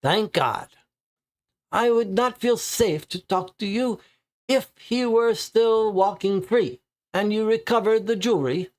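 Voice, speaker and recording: Brief: man reading as a nervous male suspect, higher voice, insistent and pleading. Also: unhurried, darkish tone. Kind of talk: read-aloud case file role-play.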